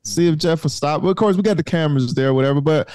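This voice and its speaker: A man, a former football player, guesting on a sports podcast and teasing the host in animated comic storytelling. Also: fairly high pitch, fast talker, no echo, studio quality. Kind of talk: casual sports podcast chat.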